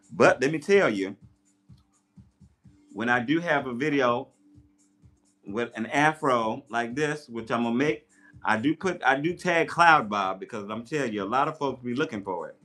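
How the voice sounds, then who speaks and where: A man's voice: mid-range voice, a little slow, pauses often. Guy going live on his tablet doing his hair, chatty, faint music behind. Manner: chatty, animated storyteller with playful voices in quotes. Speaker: live streamer. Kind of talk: casual livestream chat. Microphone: tablet mic.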